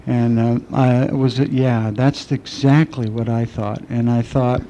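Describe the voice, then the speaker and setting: A middle-aged man speaking at a recovery meeting, telling his own story with candid, self-mocking dark humor. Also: medium pitch, little pitch movement, unhurried, a little hiss or hum. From southwestern United States. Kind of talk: personal recovery talk.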